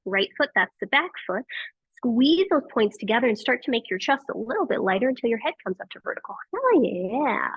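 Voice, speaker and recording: A woman teaching a yoga class, giving gentle and encouraging cues with frequent praise, on tinny phone-like audio. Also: a little high, sing-song, a little fast, husky, no room sound. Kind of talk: guiding a live yoga class.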